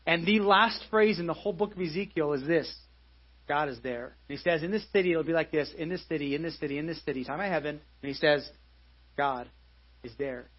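A man's voice: on the high side, rapid-fire, few pauses, breathy edge, highs cut off. A pastor in his forties giving a live sermon in a church, conversational, with many restarts and repeated phrases. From United States.

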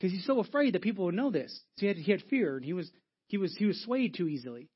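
A man's voice: sits high, animated, fast talker, slightly rough, muffled recording. A man preaching a sermon as a church pastor, telling stories conversationally with frequent restarts and repeated words.

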